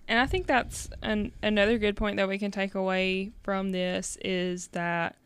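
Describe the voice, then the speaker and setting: Woman co-host, flat even delivery, very clear voice, explains steadily. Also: medium pitch, a little slow. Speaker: podcast co-host. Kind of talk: casual Bible study discussion.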